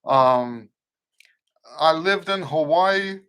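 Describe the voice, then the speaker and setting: A middle-aged man with a somewhat high voice and a mixed American accent rooted in Western Pennsylvania. He hosts a casual live trumpet Q&A in a rambling way, often breaking off and rewording his sentences. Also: extremely slow, fairly bright tone, clear, resonant tone. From eastern United States. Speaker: trumpet teacher and show host.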